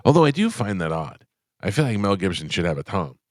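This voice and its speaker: Deep-voiced radio host rambling through stories. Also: male voice, very animated, a little fast, darkish tone, dry recording, studio quality. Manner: rambling storyteller, trails off with fillers. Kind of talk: casual studio banter. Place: radio studio. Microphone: studio microphone.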